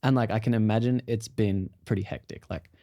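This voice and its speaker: Man asking thoughtful, halting questions. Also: lowish voice, fairly even intonation, dark tone. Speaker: podcast co-host. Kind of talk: casual podcast conversation.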